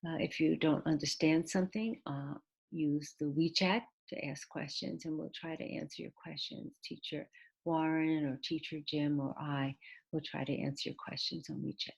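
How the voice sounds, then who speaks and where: A woman teaching English in a recorded video lesson, patiently explaining step by step, spelling out letters, with hesitant pauses and restarts. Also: low-pitched, fairly even intonation, creaky, darkish tone, slightly rough, highs cut off. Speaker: ESL teacher.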